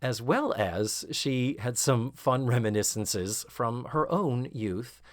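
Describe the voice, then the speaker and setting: A man hosting a podcast, recapping a sitcom episode casually and sarcastically, acting out quoted lines in higher voices. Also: slow pace, no echo, clean studio sound. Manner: animated, sarcastic, acts out quotes with rising shrieks. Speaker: podcast host.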